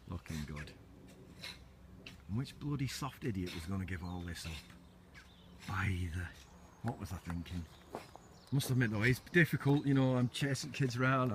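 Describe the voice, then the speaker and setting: A middle-aged man rambles cheerfully through a tour of his allotment, laughing at himself as he goes. His voice sits at an everyday middle pitch. It is recorded outdoors on a camera, with a faint hiss of open air behind him. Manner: chatty, self-mocking, laughs often. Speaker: allotment gardener vlogger. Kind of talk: casual walking tour.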